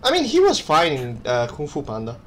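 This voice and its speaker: Young male co-host, animated up-and-down delivery, cursing a lot mid-game. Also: a little high, a little fast, crowd noise. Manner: swearing, animated, laughs often. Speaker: let's play co-host. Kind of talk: casual gaming chat.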